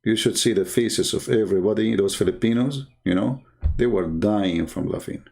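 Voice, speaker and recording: With a lowish, somewhat mellow voice marked by vocal fry, this man speaks at a moderate pace. He's an online religious debater whose impassioned monologue turns combative and mocking, heating up as he argues.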